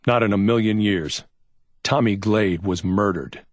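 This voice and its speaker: A man's voice: lowish voice, a little slow, no room sound, clean studio sound, pitched above the performer's own voice, natural voice. A man voicing a stubborn male naval investigator who talks curt and clipped in a crime audiobook.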